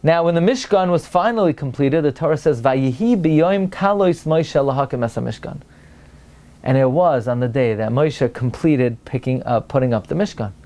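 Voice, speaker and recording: A man, a rabbi, giving a Torah lecture, asking rhetorical questions and rising to an excited high pitch to make a point. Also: moderate pace. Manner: peppers English with Hebrew and Aramaic terms, asks rhetorical questions.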